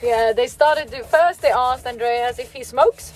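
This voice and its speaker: A young Swedish woman, a native Swedish speaker with a Swedish accent, telling a lively travel story to her handheld camera. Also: on the high side, a little slow, faint music behind. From Sweden. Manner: animated, laughing, acts out quotes. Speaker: vlogger. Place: van trip at a vineyard.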